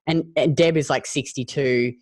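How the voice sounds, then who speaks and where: A woman's voice: rumbling low, fairly even intonation, normal speed, darkish tone, no echo. Chatty woman host, dry close sound. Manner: chatty, lots of "like" and "you know". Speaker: health coach and podcast host. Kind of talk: casual conversation.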